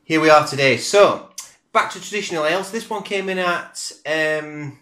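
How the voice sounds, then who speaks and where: Middle-aged guy rambling thru a beer review at home, camera mic, bright voice. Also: on the high side, normal speed. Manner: chatty and rambling, self-deprecating. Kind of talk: casual video review. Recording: roomy home room echo.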